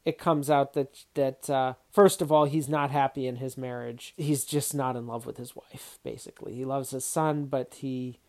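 A film reviewer walks through a movie's story in a relaxed, reflective way. The talk is unscripted, with small restarts as thoughts form. The voice sits at a middle pitch. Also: normal speed, hardly any pauses. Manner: reflective, thinking aloud with restarts. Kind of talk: casual spoken film commentary.

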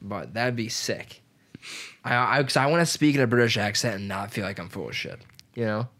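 A man's voice: on the low side, fairly quick, fairly bright tone. Man, twenties, casual chat, rambling, heavy filler words, swearing. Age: 20s.

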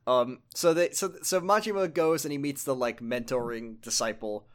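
A man's voice: medium pitch, normal speed. A man talking casually and at length, recapping a video game story. He rambles, restarts sentences and leans on fillers as he goes. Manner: rambling, many fillers and self-corrections.

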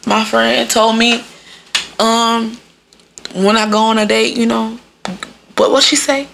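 A young adult woman hosting a podcast alone, talking in a casual, animated and profane way and laughing often. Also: medium pitch, moderate pace, creaky, a little hiss or hum. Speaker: podcast host. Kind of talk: casual solo podcast monologue.

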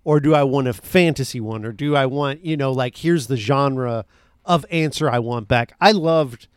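A man's voice: mid-range voice, normal speed, clear, resonant tone, no room sound, clean studio sound. A man co-hosting a casual film podcast, talking in an enthusiastic, rambling way with many fillers. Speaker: podcast co-host.

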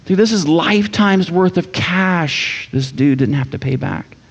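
A man preaching a sermon in a casual, animated storytelling manner. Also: sits high, measured pace, creaky, husky. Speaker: pastor. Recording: echoey hall, dull sound.

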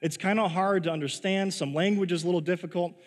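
A man preaches a sermon in a church sanctuary, his slightly high voice trailing a long hall reverb. He talks in a loose, chatty way, restarting his sentences and laughing at his own stories. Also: steady tone, quick pace. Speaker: pastor. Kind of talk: sermon with personal storytelling.

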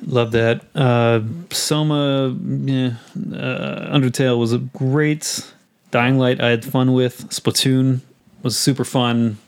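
A man chatting casually on a podcast about video games. He talks in a loose, rambling way and gets animated when he retells funny scenes. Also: medium pitch, slow, clear, resonant tone. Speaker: podcast co-host. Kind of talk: casual game chat.

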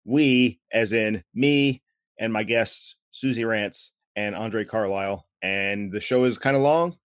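A man's voice: fairly low pitch, slow pace, smooth, no room sound. Chatty male podcast host, dry sound. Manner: rambling, many fillers and restarts. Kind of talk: casual podcast chat. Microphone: remote call.

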